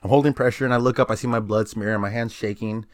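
A man's voice: fairly low pitch, fairly even intonation, quick pace, no echo, clean studio sound. A man in his thirties, a former army medic, telling grim stories in a laid-back, profane way and laughing now and then. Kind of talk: casual podcast storytelling.

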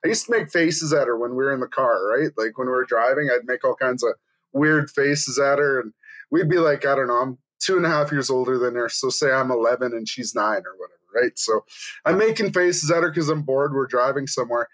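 A man's voice: mid-range voice, brisk, fairly bright tone. A middle-aged man hosting a casual chat, telling stories with a teasing edge and laughing often. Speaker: podcast host.

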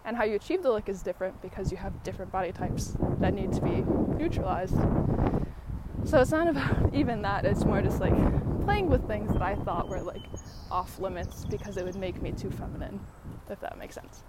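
A woman talking casually to her viewers while walking outdoors, out of breath and breathy, rambling with lots of fillers and little laughs. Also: medium pitch, fairly quick, very noisy. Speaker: vlogger. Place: outdoors on a walk, birds about.

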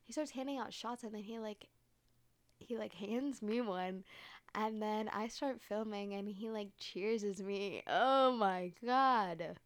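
A woman's voice: medium pitch, steady tone, unhurried, darkish tone. Profane, rambling young woman podcaster. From Arizona, United States. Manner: profane, rambling, filler-heavy. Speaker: podcast host. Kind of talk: casual storytelling chat.

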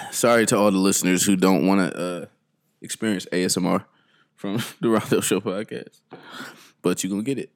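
A man with a somewhat low voice hosts a casual podcast. He rambles from one thought to the next, jokes constantly and breaks into laughter. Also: moderate pace, long pauses. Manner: joking, laughing often, rambling. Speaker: podcast host.

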